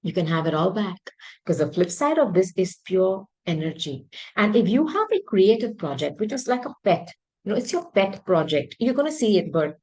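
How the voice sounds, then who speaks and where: Husky-voiced woman giving a tarot reading. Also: mid-range voice, sing-song, moderate pace, a little mellow, rough recording. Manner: intuitive, emphatic, repeats words for stress; clears throat often. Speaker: tarot reader.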